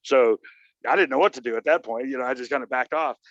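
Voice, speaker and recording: A man's voice: medium pitch, fast talker, fairly bright tone, dry recording. A man in mid-range voice spins a meandering personal story, leaning on "you know" and slipping into the voices of the people he quotes. The recording is dull and lo-fi, with a dry, close sound. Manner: rambling, many "you know" fillers, acts out quoted dialogue. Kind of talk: casual conversational storytelling.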